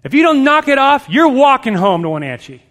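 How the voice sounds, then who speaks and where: A man voicing a frazzled young mother who snaps shrill threats at her child. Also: sing-song, fairly quick, a bit bright, full character voice. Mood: snapping. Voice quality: shrill, snapping.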